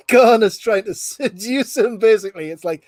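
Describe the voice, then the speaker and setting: High-voiced man rambling through movie commentary. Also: normal speed, a little mellow, no room sound. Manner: rambling, laughs often, restarts. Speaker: film commentary host. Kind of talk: casual movie commentary chat.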